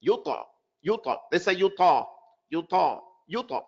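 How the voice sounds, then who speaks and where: A man's voice: on the high side, animated, unhurried, a bit bright. Man, tajweed teacher, drills example words, dull lo-fi audio. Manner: drills pronunciation with repeated examples and quiz questions. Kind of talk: live online lesson.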